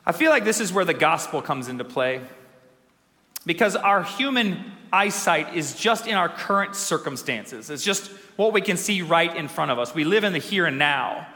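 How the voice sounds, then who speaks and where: A young man preaching a sermon as pastor, energetic and emphatic, with dramatic slow pauses. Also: a little high. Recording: long hall reverb.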